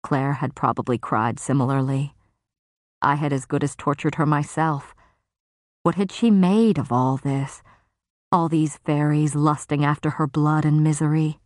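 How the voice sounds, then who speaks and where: Audiobook narrator, woman, low register, measured grave delivery, dry close-miked booth. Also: fairly even intonation, a little mellow, dry recording. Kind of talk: first-person fantasy novel narration.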